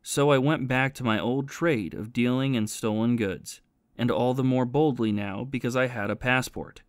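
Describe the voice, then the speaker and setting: A man's voice: mid-range voice, normal speed, no echo, studio quality, natural voice. A man voicing a remorseful former soldier and thief who confesses his past in a plain storytelling manner.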